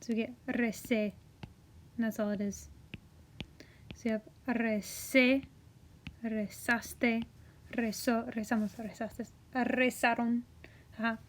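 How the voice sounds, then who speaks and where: Slow-paced chatty woman teacher. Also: fairly high pitch, level tone. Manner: chatty, encouraging, drops into soft whispers while writing. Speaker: Spanish teacher. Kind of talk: classroom video lesson.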